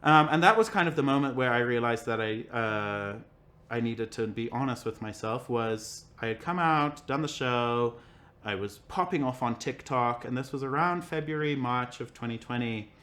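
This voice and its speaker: A young man casually telling a personal story as a podcast guest, animated and acting out the people he quotes. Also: medium pitch, normal speed. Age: young adult. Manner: animated, acts out quoted voices, many "like" fillers.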